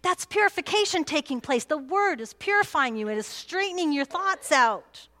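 A woman's voice: sits high, lively intonation, moderate pace, fairly bright tone. A woman pastor preaching a sermon, earnest and emphatic, repeating key phrases for weight.

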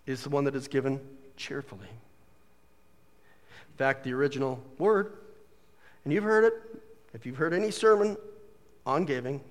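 A male pastor delivers a relaxed, joking sermon in a high voice that climbs and dips all over the place. His talk is folksy and full of asides. The sound rings with a long reverb, as in a large church hall. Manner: animated, jokey, folksy asides. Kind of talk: conversational sermon.

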